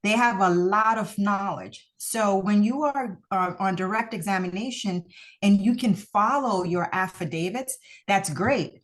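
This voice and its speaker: A woman who founded a mock trial program, giving a recorded lesson in an encouraging, deliberate way and stressing key words. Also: medium pitch.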